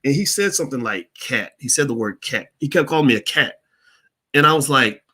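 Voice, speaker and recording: A middle-aged man hosting a Q&A stream, telling a story in a blunt, profane, animated way. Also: mid-range voice, fairly quick, breathy edge. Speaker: host of a Q&A stream. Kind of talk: candid storytelling monologue.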